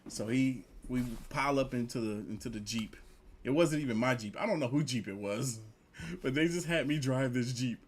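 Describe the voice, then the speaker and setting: A man telling a casual story, lively, jumping higher when he quotes people. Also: normal speed, husky. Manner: animated, jumps up in pitch when quoting others.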